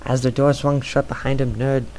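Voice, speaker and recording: A man's voice: medium pitch, level tone, normal speed, darkish tone, slight background noise, poor audio. A man doing an amateur audiobook reading, stumbling over words and filling gaps with "uh". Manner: stumbling, filler-heavy reading. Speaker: reader.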